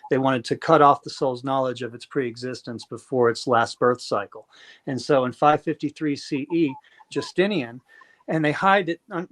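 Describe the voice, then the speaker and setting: A man's voice: medium pitch, a bit bright. Man lecturing in long run-ons. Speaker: debater. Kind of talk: conversational debate.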